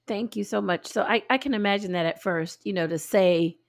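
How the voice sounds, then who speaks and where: A woman interviewing a guest, asking gentle, probing questions and rephrasing them as she goes. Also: mid-range voice, fairly quick, creaky.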